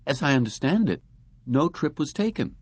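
A man's voice: on the high side, sing-song, moderate pace, no echo, voice pushed up. A man voicing a young female receptionist who is nervous and coaxing, in an audiobook reading.

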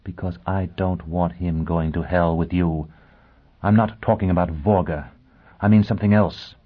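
A man voicing a bitter, proud young woman in an audiobook, speaking in a low, cutting, scornful way. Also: steady tone, moderate pace. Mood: urgent. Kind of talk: audiobook character voice. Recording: tinny phone-like sound.

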